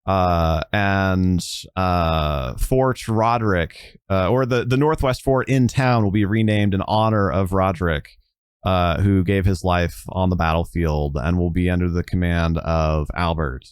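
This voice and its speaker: Deep-voiced guy running a tabletop game, lots of uh and like, dry mic. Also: fairly even intonation, a little slow, clear, resonant tone, no room sound. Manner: rambling, many fillers like "uh" and "like". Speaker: game master.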